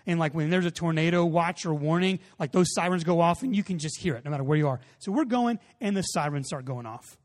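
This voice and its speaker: A pastor preaching a sermon, telling a lively personal story and acting out the voices in it. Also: male voice, on the high side, quick pace, few pauses. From Texas. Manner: animated storytelling, acts out voices. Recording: long hall reverb.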